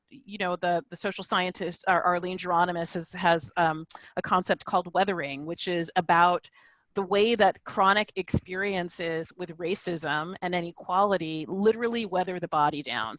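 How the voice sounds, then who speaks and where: A woman scholar talks through a point on a video-call panel, building it layer by layer. She checks in with "right?" and "you know" as she goes. Her voice sits fairly low and sounds dry and close. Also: a bit bright, no echo, low-quality recording. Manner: thoughtful, hedging with frequent "you know" and "right?". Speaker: social scientist panelist. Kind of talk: academic panel discussion.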